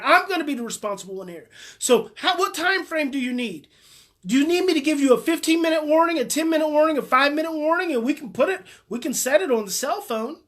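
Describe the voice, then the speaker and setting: Emphatic high-voiced woman parenting coach. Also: a bit bright. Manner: emphatic, repetitive, coaching directly. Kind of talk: live parenting advice talk.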